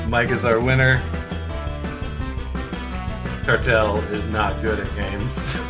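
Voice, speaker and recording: A man's voice: fairly low pitch, fairly even intonation, extremely slow, loud music behind the voice. A man hosting a casual movie podcast, playful and leading the segments. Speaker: podcast host. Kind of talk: casual chat.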